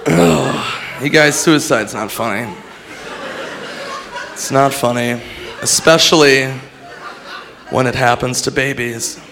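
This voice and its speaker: A man doing stand-up comedy with deadpan dark jokes and sudden loud outbursts. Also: mid-range voice, slow, long pauses, noisy background. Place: comedy club stage. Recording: live club recording with crowd. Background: audience laughter.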